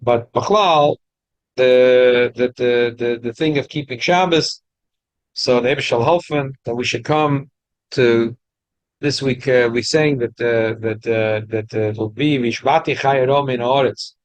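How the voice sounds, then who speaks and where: A man's voice: mid-range voice, unhurried, dry recording. A man giving a Torah class to a study group, explaining with frequent restarts and Hebrew and Yiddish terms. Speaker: rabbi teaching a study group.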